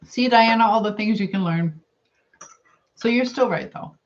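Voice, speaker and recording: A middle-aged woman with a medium-pitched voice talks at a moderate pace on her casual livestream. Eating as she goes, she reads comments and rambles chattily, thinking aloud, over dull lo-fi stream audio.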